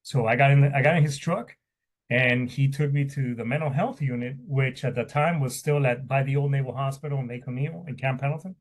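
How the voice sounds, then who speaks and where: A middle-aged man, a military veteran, telling his personal story in an interview. He speaks candidly and with raw emotion, often stopping and repeating words. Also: medium pitch. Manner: halting, with many restarts and repeated words.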